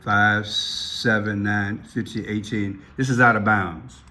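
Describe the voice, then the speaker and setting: A man's voice: little pitch movement, slow, sharp tone, a little hiss or hum. Repetitive, talky male video commentator. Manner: repeats himself, keeps addressing viewers; rises sharply in pitch when worked up. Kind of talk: casual commentary to viewers.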